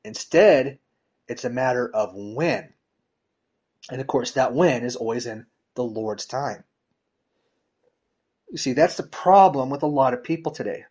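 Man, preacher, conversational sermon, husky, informal and direct, emphatic. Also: lively intonation, unhurried, long pauses. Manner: informal, direct, often addresses listeners with "you know" and "right?"; emphatic swings in pitch and loudness.

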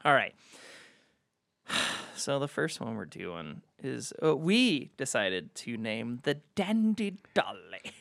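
A podcast host in their thirties from Seattle, chatting casually, rambling and giggling, sometimes bursting into loud squeals. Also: mid-range voice, big pitch swings, slow pace, creaky, no room sound.

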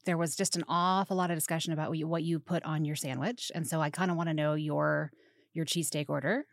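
A woman's voice: low voice, fairly even intonation, quick pace, creaky, no echo, studio quality. A woman hosting a comedy podcast, teasing her guest and riffing on words in a playful interview chat. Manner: teasing, jokey, riffs on words. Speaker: podcast host.

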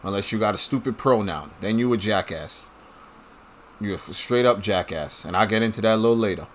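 A man's voice: lowish voice, a little fast, a little hiss or hum. A man talking straight to his audience in a casual, blunt and profane rant, full of strong opinions. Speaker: commentator. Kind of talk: casual ranting monologue.

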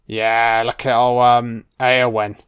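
Laid-back sweary commentator. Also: male voice, mid-range voice, level tone, slow pace, fairly bright tone, smooth. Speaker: film commentator. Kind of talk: casual audio commentary.

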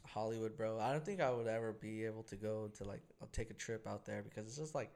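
A young man hosting a casual podcast, telling an animated story full of swearing and acted-out quotes. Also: lowish voice, fast talker. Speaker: podcast host. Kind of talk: casual chat.

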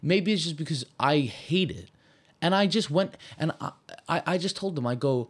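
A man's voice: a little high, animated, moderate pace, breathy edge. A young man from Malta, co-hosting a podcast in casual chat, heated and ranting and swearing often. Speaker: podcast co-host.

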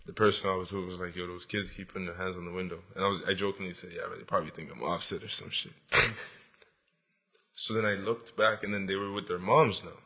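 A man's voice: deep voice, flat delivery, quick pace, bright, forceful tone. A man co-hosting a casual podcast, telling slangy, laid-back stories with frequent laughter. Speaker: podcast co-host. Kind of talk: casual chat.

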